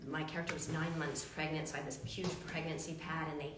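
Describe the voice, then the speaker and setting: Woman, lowish voice, chatty storyteller, far from the mic in an echoey room with hiss. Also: little pitch movement, quick pace. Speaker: actress signing autographs on a livestream. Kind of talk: casual chat. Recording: roomy, distant livestream sound with hiss.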